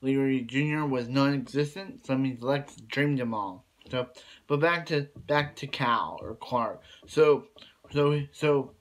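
A man's voice: mid-range voice, slow. A man casually recapping a TV episode, rambling with many restarts and "he's like" retellings. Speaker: TV episode reviewer.

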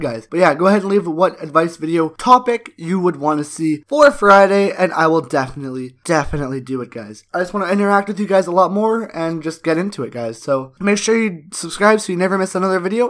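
A man with a hoarse voice chatting casually to his viewers, rambling with restarts and lots of "okay" and "guys". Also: on the high side, fairly bright tone. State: hoarse, voice messed up. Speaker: YouTuber. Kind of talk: casual vlog chat.

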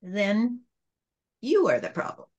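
A woman channeling God as a calm, patient spirit, speaking in a gentle, repetitive teaching tone. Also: mid-range voice, slow, highs cut off, heavily acted.

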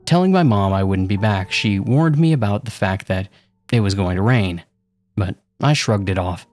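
A man's voice: on the low side, normal speed, a little mellow, faint music behind. A man narrating a first-person horror story with a casual, sarcastic tone.

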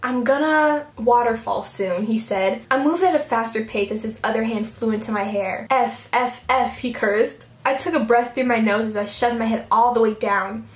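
A woman's voice: a little high, moderate pace, hardly any pauses. A young woman reading fan fiction aloud on her video channel, breaking off for giggly, mock-outraged comments. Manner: giggly, mock-outraged asides between read passages. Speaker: YouTuber. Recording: roomy echo, faint background noise.

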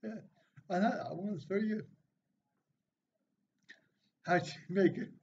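A man's voice: sits high, a little slow, gravelly, darkish tone. A man hosting a casual live stream, reading viewers' jokes from the chat aloud and answering them with dry, self-mocking remarks. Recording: dull, slightly lo-fi stream audio with faint noise.

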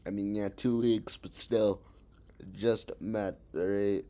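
A man's voice: fairly low pitch, fairly even intonation, takes it slowly, warm tone. A young man reacting to a story video in casual chat, rambling and joking, often calling people bro. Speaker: reaction streamer.

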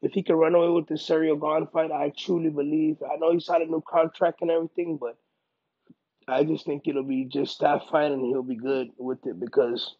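An MMA fighter talks in a casual interview, animated and emphatic, often repeating himself to drive points home. His voice is on the high side with a breathy edge, at normal speed, and the recording sounds muffled.

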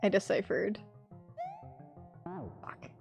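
A woman streaming a platform game, chatting with her viewers, laughing a lot and yelling loudly when she fails. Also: medium pitch, drawn-out words, gravelly, soft background music. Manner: chatty, laughs often, bursts into loud yells at failures. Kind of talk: casual live-stream commentary.

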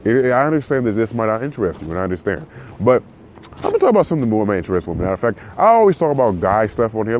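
A man's voice: lowish voice, sing-song, fast talker, a little mellow. A man from California hosting a casual solo podcast, rambling with lots of restarts and repeats in a slangy way. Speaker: podcast host. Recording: faint background noise.

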